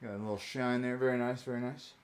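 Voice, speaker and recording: A man's voice: medium pitch, level tone, quick pace, a little hiss or hum. A young man streaming a card-pack opening, chatting casually with many fillers and chuckles.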